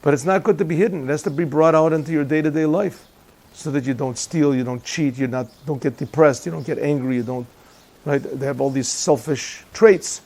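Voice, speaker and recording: This man's voice sits fairly high with a darkish tone, and he moves briskly as he teaches a Chassidic class as a rabbi. Set in a yeshiva classroom, the lecture is conversational, full of jokes and questions for the listeners.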